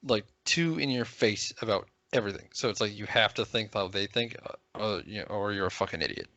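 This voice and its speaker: A man's voice: on the low side, brisk, bright, forceful tone, dry recording. A man co-hosting a casual podcast chat, rambling with fillers and crude swearing. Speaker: podcast co-host. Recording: dry, dull podcast mic.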